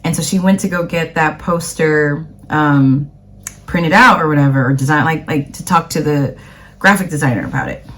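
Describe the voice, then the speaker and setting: A woman's voice: sits low, moderate pace, a bit bright. Chatty woman vlogger, rambling casually. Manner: chatty, rambling, lots of fillers. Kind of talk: casual chat to camera.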